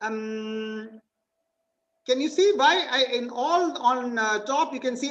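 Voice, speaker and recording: A woman's voice: on the high side, takes it slowly, fairly bright tone, dull audio. A woman giving an online presentation, reading slide points and quizzing her listeners. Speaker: webinar presenter.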